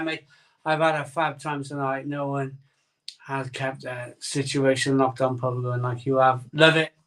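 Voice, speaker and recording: A man with a bright, fairly high voice chats through his live stream, rambling and tripping over his words as his mouth burns from a hot pepper. He sounds a little off-mic, as if sitting back from it. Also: distant mic. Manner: rambling, self-interrupting, chatty. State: mouth burning from chili. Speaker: host of a live beer-tasting stream. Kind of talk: casual live-stream chat. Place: home room, streaming live.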